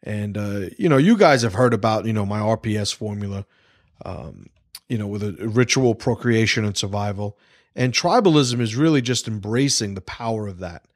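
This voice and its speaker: A man's voice: fairly low pitch, moderate pace, dry recording, studio quality. A man hosting a casual livestream podcast, rambling, swearing freely and restarting his sentences. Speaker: podcast host.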